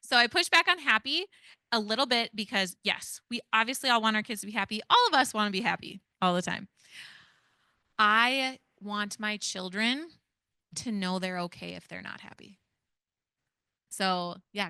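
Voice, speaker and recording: A woman in her thirties leads a parenting workshop in a loose, chatty manner, tossing in "like" and "right?" as she goes. Her voice is bright and crisp, smooth and clear. The sound is dry and close. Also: medium pitch, normal speed, no room sound. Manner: casual, chatty, many "like" and "right?". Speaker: parenting educator leading a training. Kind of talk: interactive workshop talk.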